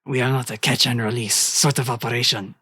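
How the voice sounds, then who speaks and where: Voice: mid-range voice, fairly even intonation, bright, forceful tone, husky, no room sound, studio quality. Someone putting on a French villain, Nain Rouge. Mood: falsely polite. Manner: slow, falsely polite, drawn-out purring. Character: smooth, menacing male hunter villain.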